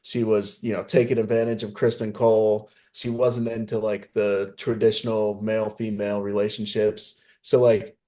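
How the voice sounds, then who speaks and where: A man's voice: fairly low pitch, flat delivery, moderate pace, hardly any pauses, warm tone. A man co-hosting a podcast in casual chat, giving opinions and explaining lore. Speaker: podcast co-host.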